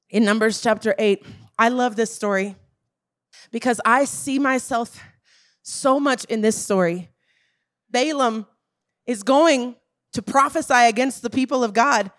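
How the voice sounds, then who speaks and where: High-voiced woman preaching slowly. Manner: emphatic, addresses the congregation as church. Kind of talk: sermon.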